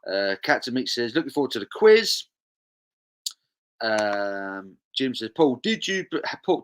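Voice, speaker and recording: A man's voice: lowish voice, fairly bright tone. A young man, hosting a charity live stream, casually reading viewer comments aloud and chatting along.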